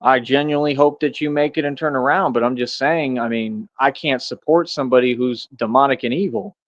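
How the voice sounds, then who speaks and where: Speaking to camera at a normal pitch, this male streamer delivers a confrontational rant, repeating long, drawn-out rhetorical questions. His tone is fairly bright, and the audio is dry and a bit muffled, with no echo.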